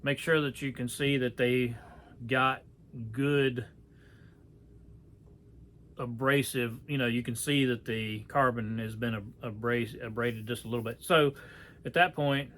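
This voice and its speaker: Man, middle pitch, casual workshop demo delivery, rambling with fillers, faint background hiss. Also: steady tone, a little slow, long pauses, a bit bright. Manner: folksy, rambling, many fillers and self-corrections. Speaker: archery how-to presenter. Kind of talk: casual hands-on demonstration.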